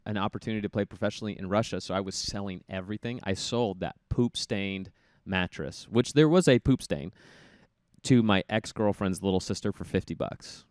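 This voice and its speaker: A man's voice: fairly low pitch, brisk, dry recording, clean studio sound. A man in his thirties, a guest telling stories in a casual interview, acting out voices as he goes. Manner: animated storyteller, acts out voices in his anecdotes. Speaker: guest, former college hockey player.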